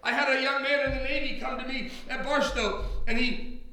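A man's voice: very high voice, fairly even intonation, normal speed, bright, forceful tone. A man preaching a personal testimony sermon in a church, emphatic, repeating words as he builds. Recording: very echoey hall.

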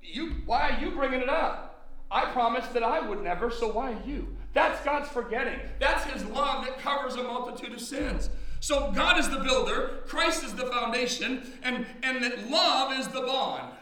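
Man preaching, booming drill-instructor shout, high bright voice, echoey hall from far off. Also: moderate pace. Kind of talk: sermon. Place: church hall.

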